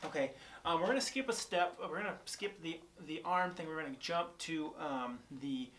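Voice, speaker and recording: Relaxed man teaching guitar, loose fillers. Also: a little high, normal speed, slight background noise. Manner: relaxed, thinking aloud with many fillers and restarts. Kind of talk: casual guitar lesson. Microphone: on-camera shotgun mic. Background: guitar playing between phrases.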